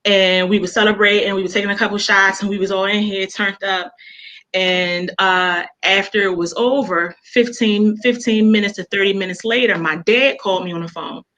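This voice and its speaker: A woman's voice: medium pitch, steady tone, moderate pace, fairly bright tone, low-quality recording. A woman author talking casually as an interview guest, telling emotional personal stories with many fillers and restarts.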